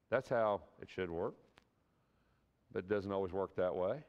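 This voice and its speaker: A man's voice: on the low side, steady tone, moderate pace, smooth, long reverb tail, highs cut off. A man teaching a church class in a conversational sermon style, earnest and folksy, often asking the class rhetorical questions.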